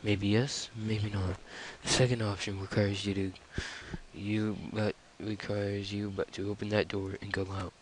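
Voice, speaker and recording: Grave, measured Santa figure in a game, lowish voice, read by a man. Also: level tone, slight background noise, natural voice, poor audio. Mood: solemn. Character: solemn, calm male Santa figure.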